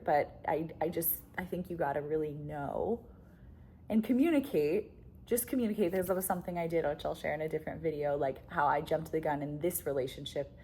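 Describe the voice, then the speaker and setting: A young woman with a low-pitched voice speaks candidly to camera, coaching viewers on relationships. She is chatty and blunt, peppers her talk with "like," swears freely and laughs often. A faint hiss sits under the recording. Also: darkish tone. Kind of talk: candid casual monologue to camera.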